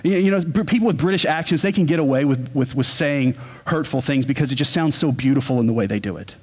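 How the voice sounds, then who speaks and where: A man preaching a sermon as pastor, earnest, and he slows down to stress key words. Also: medium pitch, a little mellow, slightly rough.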